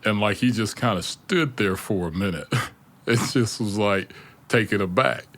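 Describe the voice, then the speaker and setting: Male co-host, deep smooth voice, animated storyteller who laughs easily. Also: normal speed. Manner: animated storyteller, laughs often, acts out quotes. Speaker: podcast co-host. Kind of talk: casual storytelling chat.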